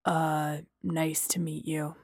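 A blustering young man snaps and whines in slow, drawn-out words, played by a woman reading aloud. His voice is raspy with creak, and the sound is dry and close. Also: sits low, level tone, darkish tone, dry recording, voice pushed down, exaggerated voice. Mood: confused. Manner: testy, drawn-out, defensive.

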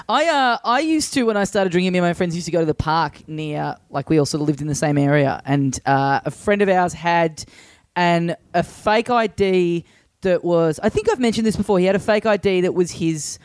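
Man, podcast co-host, high voice, dry close sound, animated storyteller. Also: normal speed, smooth, dry recording. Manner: animated anecdote-teller who acts out quotes. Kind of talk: casual podcast chat.

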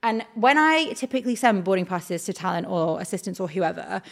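Animated woman telling a story. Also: medium pitch, brisk, gravelly. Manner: animated retelling, acts out quoted dialogue, heavy use of "like". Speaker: talent agent, podcast guest. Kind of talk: casual storytelling chat.

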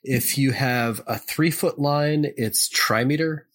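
A man hosting a podcast, casually explaining poetry in a halting way, often clearing his throat and correcting himself. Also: medium pitch, a bit bright.

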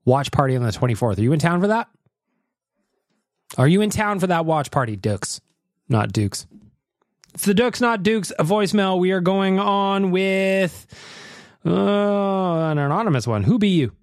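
An easygoing podcast host chats and teases, laughing often. His voice is a little higher than usual and rises and falls in a lively way. The sound is close and dry. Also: measured pace, long pauses, dry recording. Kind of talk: casual podcast chat.

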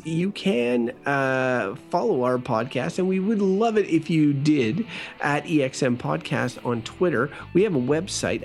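A man from Canada co-hosting a casual gaming podcast, rambling and chatty as he runs through the show's plugs. His voice sits a little high for a man and has a gravelly, fry-laden edge. Soft music plays faintly behind him. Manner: chatty, rambling, self-correcting. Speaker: podcast co-host. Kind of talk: casual chat.

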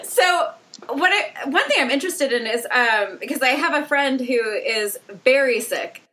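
A woman interviewing a guest over a video call, curious and quick to laugh. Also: high-pitched, lively intonation, over a noisy crowd, rough recording. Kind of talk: casual interview.

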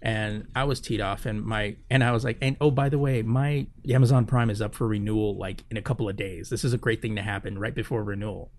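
A man's voice: lowish voice, fairly even intonation, quick pace, few pauses, darkish tone, slight background noise. A man co-hosting a podcast, telling a long story in a casual, rambling way with lots of fillers and swearing. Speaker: podcast co-host. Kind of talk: casual chat.

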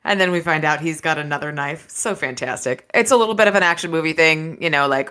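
A woman's voice: deep voice, quick pace, few pauses, sharp tone. A woman hosting a casual book-discussion podcast, talking enthusiastically and with plenty of swearing while she summarizes chapters and reads passages aloud. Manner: enthusiastic and profane. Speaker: podcast host.

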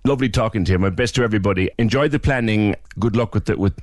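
A middle-aged man with a Cork accent hosting a radio phone-in, chatty and quick to laugh. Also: fairly low pitch, no echo, clean studio sound. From Ireland. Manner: chatty, lively, laughs easily. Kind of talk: casual radio interview.

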